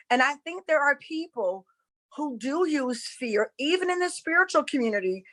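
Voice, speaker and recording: A high-pitched, fairly bright-toned woman, a spiritual coach who used to preach, delivers an impassioned, preaching-style talk, repeating her points and calling listeners "y'all." The audio quality is poor.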